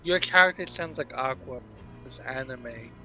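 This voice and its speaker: A man's voice: medium pitch, moderate pace, over music, poor audio. A man calling into a stream, chatting casually in a blunt, offhand way. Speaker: caller. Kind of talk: casual chat.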